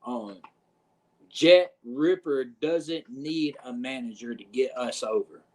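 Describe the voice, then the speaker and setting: A pro wrestler appears as a podcast guest, telling stories in a profane, animated way and checking in with his listener by repeating "you know what I'm saying." His voice is medium-pitched and slow.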